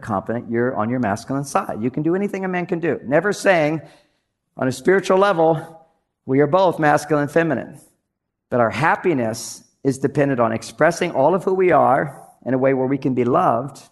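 Gravelly older man giving a comic talk. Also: medium pitch. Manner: animated storytelling, acts out quotes, audience laughter. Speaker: relationship author giving a talk. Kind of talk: comedic stage talk.

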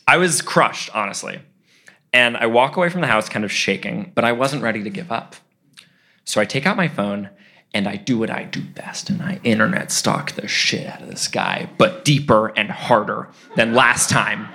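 A man in his twenties tells a funny personal story live to an audience. His bright, forceful voice leaps around in pitch, and laughter keeps breaking into his lines. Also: expressive, unhurried, gravelly, long pauses, breathy edge.

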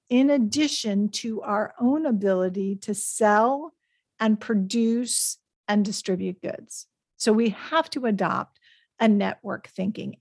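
A woman's voice: medium pitch, gravelly, no room sound, studio quality. A woman giving a coaching talk on business to her viewers, upbeat and speaking straight to them. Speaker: business educator. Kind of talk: direct-to-camera business talk.

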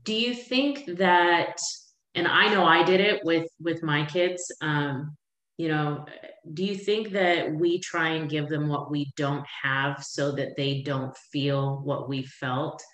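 Low-voiced woman host in an echoey room. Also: steady tone, takes it slowly, fairly bright tone. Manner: reassuring, reflective questions. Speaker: podcast host. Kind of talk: interview podcast.

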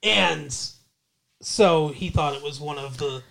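A man co-hosting a casual movie-review podcast, playful and rambling, slipping into quick silly voices. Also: fairly high pitch, vocal fry, over a noisy crowd. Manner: playful, rambling, breaks into bits of funny voices. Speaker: podcast co-host.

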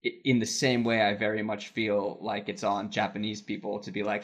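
A man's voice: lowish voice, flat delivery, brisk. Chatty man telling a work story. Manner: chatty, laughs while telling anecdotes, many "like" fillers. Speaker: podcast co-host, voice actor in Japan. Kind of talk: casual podcast chat, storytelling.

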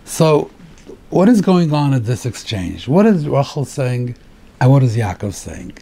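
A rabbi giving a Torah class on the weekly portion, explaining the text step by step, asking rhetorical questions and mixing in Hebrew terms. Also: male voice, mid-range voice, very animated, a little slow, vocal fry, warm tone, husky.

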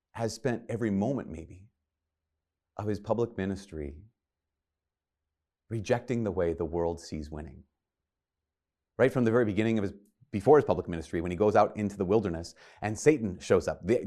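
A man's voice: on the low side, mellow. A man preaching a sermon in an earnest, conversational way, retelling scripture with quoted dialogue.

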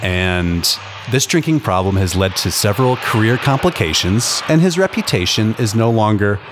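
Joking, animated man recapping a film. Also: fairly low pitch, normal speed, noisy background. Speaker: podcast co-host. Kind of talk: casual chat. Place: at home near an airfield.

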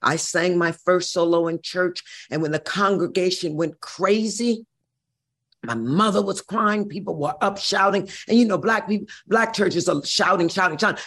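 A woman's voice: medium pitch, lively intonation, normal speed, a bit bright. A woman in her sixties from Missouri, telling her life story as an interview guest in a brassy, profane, dramatic way. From Missouri, USA. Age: 60s.

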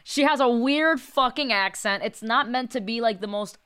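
A woman's voice: a little high, normal speed, pushed and bright, clear, resonant tone, no echo, clean studio sound. A woman sketch comedian talking candidly in a casual podcast conversation, blunt and swearing freely. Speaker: sketch comedian and character creator.

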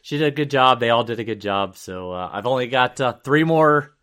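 A man's voice: medium pitch, lively intonation, fairly quick, a bit bright, clean tone. A man co-hosting a podcast, chatting casually and easily, laughing often. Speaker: podcast co-host. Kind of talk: casual chat.

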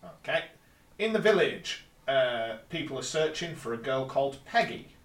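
A man's voice: mid-range voice, very animated, normal speed. A man recapping an episode plot step by step on a casual podcast, with dry little asides. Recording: roomy, distant mic.

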